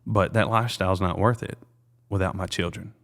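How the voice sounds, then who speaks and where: Speaking as an interview guest, a South Carolina realtor, apparently in his thirties, shares a personal story with earnest hesitation, frequently restarting sentences and filling gaps. His very low, slightly bright voice keeps fairly even intonation.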